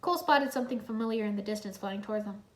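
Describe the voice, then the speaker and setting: A woman's voice: mid-range voice, very fast. Woman narrating with a roomy echo. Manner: plain storytelling narration. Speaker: reader. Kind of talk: reading a fan story aloud.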